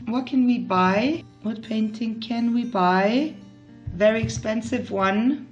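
A woman's voice: on the high side, slow pace, muffled recording. A woman from Switzerland giving casual let's play commentary, chatting to her game characters with emotional outbursts. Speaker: gaming YouTuber. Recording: faint background music.

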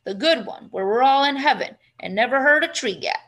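A woman's voice: sits high, lively intonation, fairly quick, a bit bright, voice pushed up, full character voice. A woman voicing a gloomy, weary man who sighs and grumbles, half asleep. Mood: weary grumbling. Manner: sighing, grumbling delivery.

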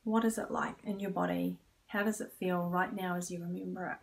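A woman stress coach who leads a guided exercise in a calm, inviting tone. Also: fairly low pitch, brisk, vocal fry, recorded from a distance, a little hiss or hum.

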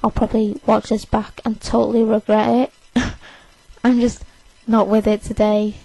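A woman's voice: a little high, flat delivery, moderate pace, creaky, dark tone, no room sound, low-quality recording. An eighteen-year-old woman, overtired, rambling defiantly and self-consciously in a casual to-camera rant. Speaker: vlogger.

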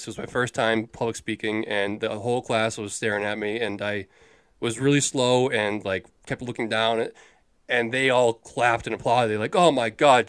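A man's voice: mid-range voice, a bit bright, clean tone, no room sound, studio quality. A man co-hosting a movie review podcast, chatting casually in a rambling, jokey way with the odd swear. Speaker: podcast co-host.

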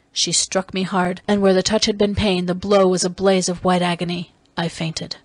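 A woman reading a novel aloud in first person, steady and even. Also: fairly low pitch, moderate pace, few pauses, no room sound. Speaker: audiobook reader.

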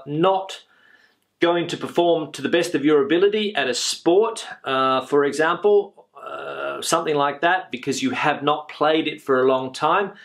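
A man's voice: medium pitch, a bit bright. A man teaching English in a video lesson, patiently repeating each phrase with frequent uh fillers.

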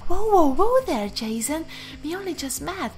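A woman voicing a shy, girly young woman on a first date, in a high put-on voice that gently pushes back. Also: sing-song, measured pace, heavily acted. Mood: wary.

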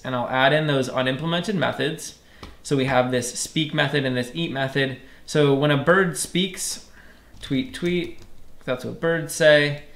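Plain, step-by-step explanation marks this screen-recorded coding tutorial, where the male instructor often pauses to ask "right?" His medium-pitched voice is a bit bright and echoes with reverb.

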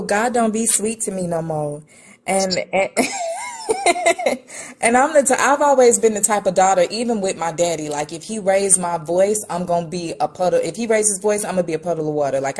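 Husky-voiced animated woman guest. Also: mid-range voice. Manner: animated, candid, playful. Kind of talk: faith podcast chat.

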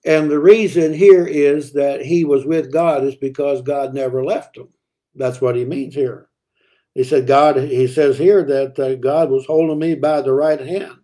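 A man's voice: fairly high pitch, steady tone, a little slow, mellow. A man teaching a midweek Bible study, reading old-fashioned scripture verses aloud and then explaining them in a conversational way with fillers and repeated words.

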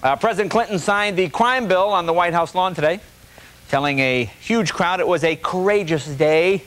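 A man's voice: high voice, normal speed. A man hosting a talk show, delivering a stand-up comedy monologue with punchy jokes, recorded from a 1990s TV broadcast before a live studio audience. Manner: punchy joke delivery with animated voice swings. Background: loud audience laughter and noise.

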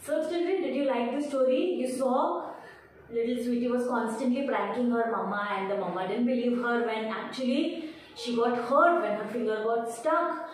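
Gentle preschool teacher. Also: female voice, a little high, moderate pace. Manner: gentle, instructive. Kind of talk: storytelling to children. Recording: echoey room from far off, noisy.

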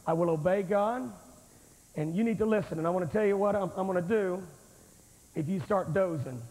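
High-voiced preacher in a reverberant hall. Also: male voice, fairly quick, mellow. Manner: folksy, emphatic, addresses the crowd directly. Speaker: revival preacher. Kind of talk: revival sermon. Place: large church sanctuary with thousands present. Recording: reverberant hall on an old VHS tape.

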